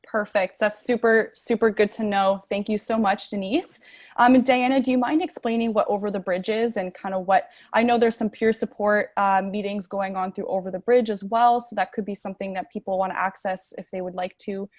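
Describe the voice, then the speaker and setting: A woman moderates a webinar panel over a video call, thanking one speaker and briskly turning to the next. Her pitch sits in the middle. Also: fairly even intonation.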